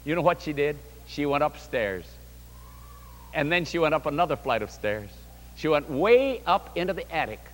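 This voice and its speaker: A man's voice: fairly high pitch, normal speed, long reverb tail. A man preaching a sermon, telling stories and speaking directly to the congregation. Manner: animated storytelling, addresses the congregation.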